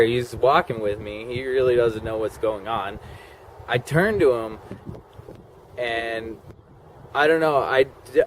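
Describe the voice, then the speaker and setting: A man's voice: medium pitch, a little hiss or hum. A man telling a personal story in a rambling way, full of "like" and "okay?" asides. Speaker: vlogger.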